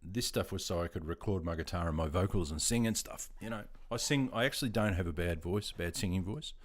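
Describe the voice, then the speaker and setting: Laid-back Australian man with a lower voice. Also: a little fast. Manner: laid-back and chatty, calls viewers mate, self-deprecating. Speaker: livestream host. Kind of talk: casual livestream chat answering viewer comments.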